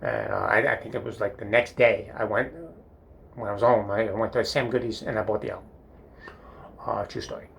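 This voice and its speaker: A man's voice: lowish voice, steady tone, fairly quick, gravelly, slight background noise. An older man telling rambling comic stories about his school days, full of fillers and self-amused chuckles. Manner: meandering, filler-heavy, chuckling at himself. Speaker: comedic storyteller. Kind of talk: rambling storytelling monologue. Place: bathroom.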